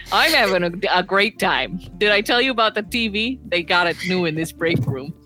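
A woman's voice: medium pitch, expressive, moderate pace, pushed and bright, soft background music, rough recording. A woman playing a chatty overworked devil. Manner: chatty, easygoing.

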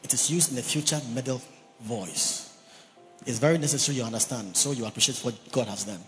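A man's voice: medium pitch, fairly quick, fairly bright tone. Man preaching a sermon, punchy and repeating himself, big echoey hall, bit of music behind. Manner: emphatic, repeats key words, has the congregation repeat phrases. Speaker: pastor. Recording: long reverb of a large hall.

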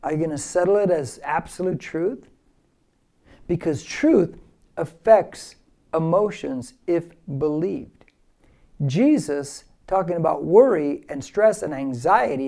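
A man's voice: a little high, dark tone. A male pastor preaching a verse-by-verse sermon with emphasis, leading listeners in repeating key phrases.

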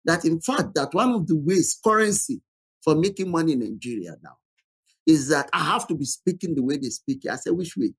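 A man talking as a podcast guest, telling an animated story and often repeating his words. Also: a little high, fairly quick, slightly rough, dry recording. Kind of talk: podcast conversation.

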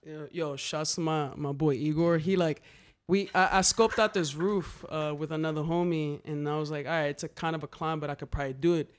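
A young man telling graffiti stories in casual chat, animated and slangy, swearing freely. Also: a little high, a little fast. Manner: animated, slangy, swears a lot, repeats "a hundred percent".

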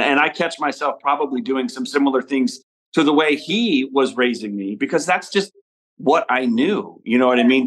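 Man from Nebraska, easygoing chatty guest, average pitch, rambles through stories. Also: a bit bright, poor audio. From Nebraska, USA. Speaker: podcast guest, father and entrepreneur. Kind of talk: casual interview conversation.

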